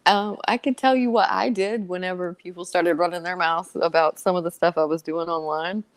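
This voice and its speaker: A woman guest on a casual panel discussion, frank and profane, slow and emphatic. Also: fairly low pitch, steady tone, no room sound.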